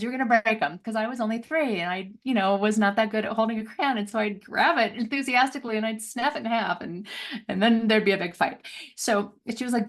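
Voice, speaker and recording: A middle-aged woman telling a personal story as an interview guest, laughing often and acting out voices with big jumps in pitch. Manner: laughs often, many fillers.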